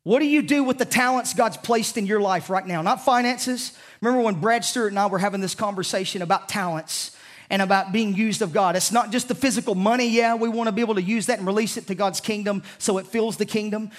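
Speaking quickly in a high voice, a Southern-accented pastor from the American South preaches with fervor to the congregation gathered in the sanctuary. His delivery swings from loud pronouncements to hushed words.

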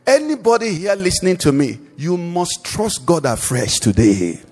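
A man's voice: sits high, very animated, moderate pace, a little mellow, breathy edge. A man preaching a sermon as pastor at a church service, asking the congregation questions and leaving them to answer. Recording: long hall reverb.

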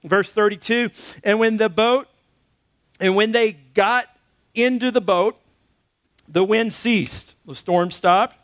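High-voiced pastor, casual preaching. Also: male voice, takes it slowly, pauses often, no room sound. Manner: casual, animated preaching with acted-out quotes. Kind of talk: sermon.

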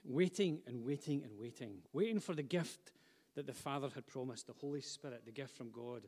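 A man's voice: mid-range voice, brisk, a little mellow. A man preaching a sermon, speaking fervently and building to emphatic repetition. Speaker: pastor. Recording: long hall reverb.

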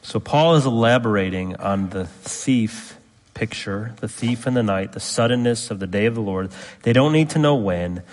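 Emphatic preacher in a reverberant hall. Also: male voice, animated, moderate pace. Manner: emphatic, rising to forceful peaks then dropping low. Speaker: pastor. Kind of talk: sermon. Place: church sanctuary. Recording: long reverb of a church hall.

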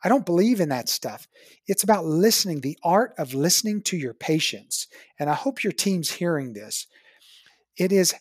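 A dentist guest telling a patient story, acting out both sides of the talk with lively pitch jumps. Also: moderate pace, dry recording, clean studio sound. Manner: animated, acts out patient dialogue with big pitch jumps. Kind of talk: storytelling in an interview.

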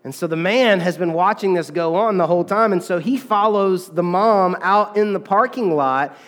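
A man's voice: high voice, moderate pace, a bit bright, big-room sound. A man preaching a sermon as pastor, in a conversational, chatty way, often checking in with the congregation. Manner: conversational, with frequent "okay?" and fillers.

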